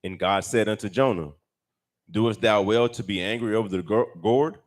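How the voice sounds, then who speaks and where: A man reading scripture aloud in a steady, measured way, away from the microphone. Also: on the low side. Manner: steady, measured reading of old-fashioned text. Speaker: scripture reader.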